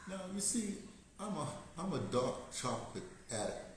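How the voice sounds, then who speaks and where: Very animated and fairly high-pitched, this older American man vlogs at a moderate pace. He drifts through a rambling, casual monologue with digressions, lots of laughter and many restarts. The recording, made in a very echoey room, has a little hiss or hum.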